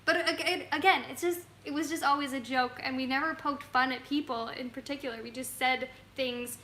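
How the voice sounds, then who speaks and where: High bright-voiced chatty young woman. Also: fairly even intonation, normal speed, echoey room. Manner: chatty, laughs often, reads out viewer comments. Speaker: co-host of a travel channel live stream. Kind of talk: casual live-stream chat. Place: home, on a couch.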